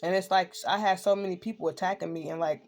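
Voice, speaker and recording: A woman's voice: fairly low pitch, fairly even intonation, fast talker, darkish tone, soft background music. A woman ranting in a casual spoken monologue, swearing freely and tossing in "right?" again and again. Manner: profane, ranting, keeps asking "right?". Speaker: online spiritual speaker.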